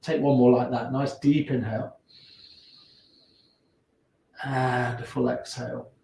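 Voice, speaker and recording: Calm Leicester man guiding yoga. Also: medium pitch, gravelly, slight background noise. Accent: Leicester English. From England. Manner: calm, unhurried cues with chatty asides. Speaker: yoga teacher. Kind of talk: guiding a gentle yoga class. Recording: echoey room.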